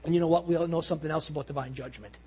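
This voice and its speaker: High-voiced husky preaching man. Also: fairly even intonation. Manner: earnest preaching, slows for emphasis, drops low and quiet at solemn points. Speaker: pastor. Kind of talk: sermon.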